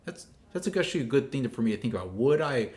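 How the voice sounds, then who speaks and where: A man's voice: medium pitch, very animated, fast, darkish tone. A man in casual podcast chat, rambling and filling his talk with "like" and "you know". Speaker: podcast guest co-host.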